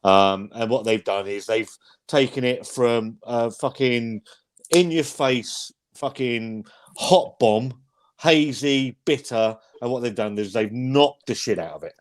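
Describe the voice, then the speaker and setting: A man's voice: mid-range voice, takes it slowly. A man hosting a casual livestream chat about beer, blunt and sweary, rambling with frequent restarts. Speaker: host.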